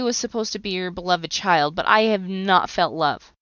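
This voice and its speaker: This thirty-something trauma coach and podcast host recounts her own story earnestly and openly, as a personal testimony. She speaks on the low side at a moderate pace, her tone fairly bright and clean; the recording is dry, slightly muffled, and free of echo.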